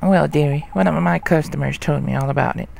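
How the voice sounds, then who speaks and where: Doting older woman, a man voicing her, fussy and cooing, a touch higher. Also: fairly quick, vocal fry, a little mellow, a little hiss or hum.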